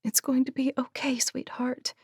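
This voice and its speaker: A woman's voice: on the high side, measured pace, creaky, a little mellow, no echo, studio quality, pitched above the performer's own voice. A woman reading an audiobook, voicing a grief-stricken young woman who pleads and whispers soothingly to her hurt horse. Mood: hushed soothing.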